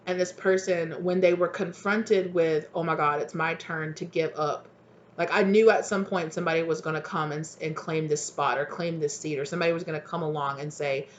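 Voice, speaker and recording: Rambly tarot reader talking fast and animated, kinda muffled lo-fi sound. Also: mid-range voice. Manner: rambling, animated, acts out dialogue. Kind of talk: casual channeled tarot reading.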